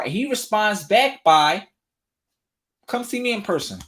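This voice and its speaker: Animated man hosting a commentary show. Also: sits high, unhurried, over music. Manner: animated, repeats phrases for emphasis. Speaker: relationship talk show host. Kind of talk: casual commentary to viewers.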